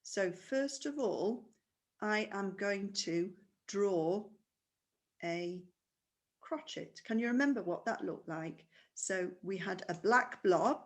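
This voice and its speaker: A woman's voice: medium pitch, expressive, slow pace. A woman teaching a primary school music lesson online, patient and explaining step by step with questions.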